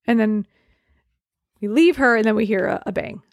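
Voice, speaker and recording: A woman's voice: mid-range voice, normal speed, vocal fry, no room sound, studio quality. A woman in her forties co-hosting a casual movie podcast, chatty and recapping scenes. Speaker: podcast co-host. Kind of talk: casual chat about movies.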